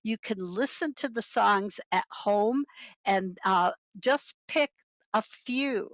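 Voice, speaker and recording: A woman's voice: mid-range voice, slow, a bit bright, no room sound. A woman giving an online birding talk from home over a video call, wearing headphones, with bird-song mnemonics sung in between. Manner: imitates bird songs with mnemonics. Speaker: birding presenter. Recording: dull lo-fi video call audio.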